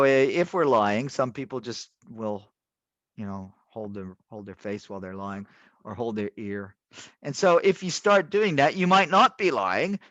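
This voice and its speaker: A man's voice: mid-range voice, no echo. A man teaching an online class in a rambling, casual way, full of restarts and fillers. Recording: dull, dry lo-fi audio.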